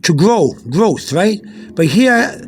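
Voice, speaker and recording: A man's voice: high voice, expressive, slow pace, faint music behind. A man giving an informal pronunciation lesson, repeating words patiently with frequent restarts, recording on a phone held in one hand. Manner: repetitive, patient, restarts often. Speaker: Spanish teacher.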